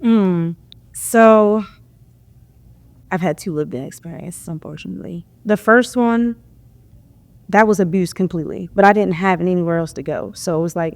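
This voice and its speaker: A woman's voice: fairly low pitch, moderate pace. A woman guest on a podcast telling a personal story, speaking candidly and reflectively.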